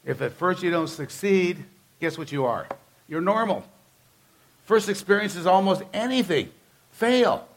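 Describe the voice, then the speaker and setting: A man's voice: high voice, lively intonation, a little slow, pauses often. A man preaching a sermon as pastor, talking to the congregation in an emphatic, conversational way and driving points home with repeated phrases.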